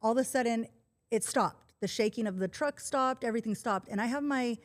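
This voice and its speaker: A woman in her forties, a podcast guest, telling a personal story in casual conversation, calm and earnest. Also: fairly high pitch, a little fast. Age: 40s.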